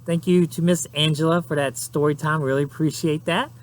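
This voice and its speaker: A man who teaches at a nature center, greeting kids and starting a casual lesson in a friendly, easygoing way with hesitant pauses. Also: on the high side, steady tone, a little hiss or hum.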